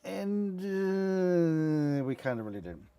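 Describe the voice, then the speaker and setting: A man chatting casually as he reacts to game cinematics, excitable, rambling and profane. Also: sits high, slow, clear, resonant tone, no echo. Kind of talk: casual chat.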